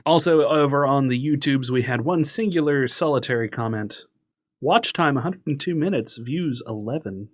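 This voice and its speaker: A man's voice: medium pitch, normal speed. A man co-hosting a casual podcast, chatty and upbeat, who laughs easily. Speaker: podcast co-host. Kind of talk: casual chat.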